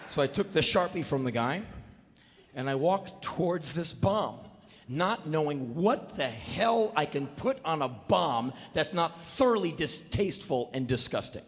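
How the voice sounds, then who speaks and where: A man telling a story in a live spoken word show, blunt and sardonic, with sudden loud outbursts. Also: fairly high pitch, very animated, unhurried. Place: stage before an audience. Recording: live stage with long reverb.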